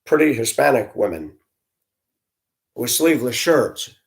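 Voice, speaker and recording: Man, middle-aged, former bus driver, conversational storytelling, talks to listeners directly, average pitch. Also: very animated, a little slow, vocal fry. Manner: conversational, addresses listeners directly, acts out dialogue in his telling. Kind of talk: personal storytelling monologue.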